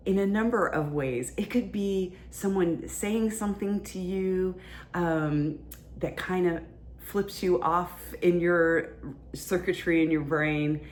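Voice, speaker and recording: Lady explaining relationship stuff on her podcast, low voice, chatty with some ums. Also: slight background noise. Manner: conversational, explains plainly with fillers. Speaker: relationship teacher and podcast host. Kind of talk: casual teaching monologue.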